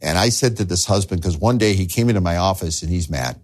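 Pastor guy preaching, lowish voice that swings up and down a lot, keeps asking the crowd "right?". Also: animated, quick pace, darkish tone, slight background noise. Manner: earnest, asks the listeners rhetorical questions; repeats words at the start of phrases. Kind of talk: sermon.

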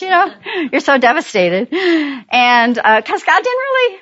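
A middle-aged woman and pastor's wife, telling a church audience about her ministry in a chatty, animated way and laughing at her own jokes. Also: high-pitched, a little slow, dull audio. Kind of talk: warm personal testimony talk.

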